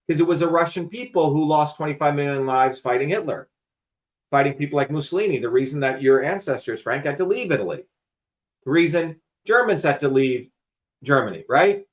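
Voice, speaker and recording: Emphatic lecturing man, slightly high voice. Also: animated, normal speed. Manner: emphatic, lecturing, curses freely. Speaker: host. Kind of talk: casual talk show conversation.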